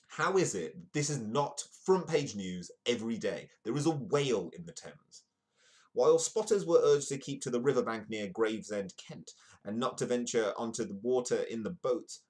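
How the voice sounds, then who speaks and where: A British man hosts a comedic live news show, reading newspaper stories aloud and cutting away for jokey asides. His voice is lowish with a darkish tone.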